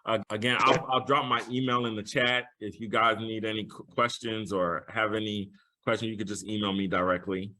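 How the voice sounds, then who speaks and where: A man speaking as a guest mentor on a podcast, relaxed and conversational, saying y'all. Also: lowish voice, a little fast. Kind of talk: casual podcast chat.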